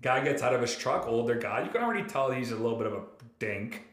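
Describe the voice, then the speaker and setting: A man's voice: medium pitch, quick pace, roomy sound. Man ranting on a podcast. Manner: animated, profane ranting. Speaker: podcast host. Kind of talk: casual chat.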